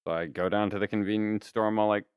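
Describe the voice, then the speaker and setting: A man's voice: fairly low pitch, fairly even intonation, quick pace, clean tone, dry recording, studio quality. A young man streaming, telling a rambling story in casual chat and laughing often.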